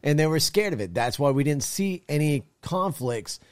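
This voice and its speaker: A man's voice: on the high side, lively intonation, moderate pace, no room sound, clean studio sound. A man hosting a call-in talk show, ranting bluntly and swearing freely. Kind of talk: opinionated political talk.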